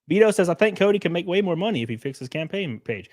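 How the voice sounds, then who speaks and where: A man's voice: sits high, expressive, quick pace, darkish tone, no echo, studio quality. A man from Alabama, ranting and laughing on his livestream. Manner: profane, mocking, laughing often. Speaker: streamer. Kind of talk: casual livestream rant.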